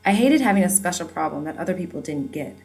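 A woman's voice: lowish voice, animated, quick pace, darkish tone, rough recording. A woman narrating an audiobook in a wry, conversational storytelling manner.

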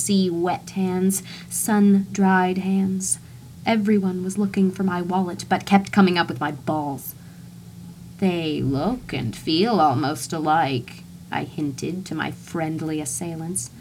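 A woman reading a first-person novel aloud as audiobook narrator, wry and expressive. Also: medium pitch, a little hiss or hum.

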